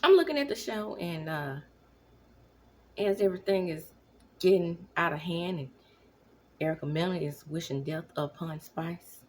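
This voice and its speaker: A woman in her thirties giving casual commentary at home, animated, now and then dropping into whispers. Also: on the low side, moderate pace, long pauses. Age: 30s. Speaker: vlogger. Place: home, at night.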